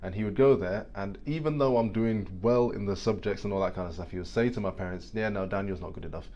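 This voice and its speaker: A man's voice: lowish voice, dark tone, muffled recording, a little hiss or hum. A man reflecting in casual podcast chat, thoughtful and talkative. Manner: reflective, chatty, fast. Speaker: podcast co-host.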